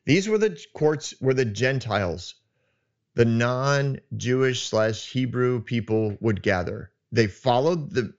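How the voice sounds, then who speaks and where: A man hosting his own podcast, talking at a studio mic in an animated, emphatic way that turns loud. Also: mid-range voice, highs cut off. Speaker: podcast host. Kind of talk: solo podcast monologue. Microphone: studio microphone.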